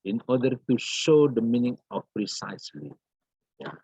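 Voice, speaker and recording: A male grammar teacher giving an online class lecture, explaining slowly and repeating himself with lots of fillers and "yeah". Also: mid-range voice, big pitch swings, warm tone, slightly rough, no room sound. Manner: slow, repetitive explaining with many fillers and "yeah". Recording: dull, dry lo-fi computer audio.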